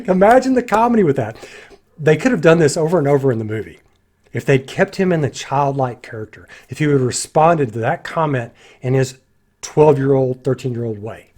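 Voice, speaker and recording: A man giving a casual spoken film critique, critical and animated, acting out lines of dialogue in his own voices. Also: fairly high pitch. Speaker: movie reviewer.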